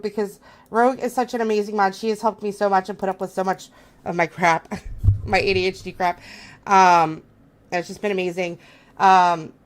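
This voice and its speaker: A woman hosting a live stream, gushing and flustered as she thanks her viewers. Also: medium pitch.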